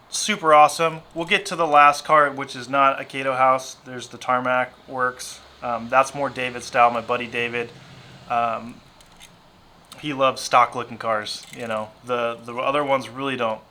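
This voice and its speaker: A man's voice: mid-range voice, bright, forceful tone. A married man with a Southern US accent, chatting casually about his diecast car collection, rambling and self-deprecating and going off on tangents. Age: adult, married. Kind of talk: casual chat.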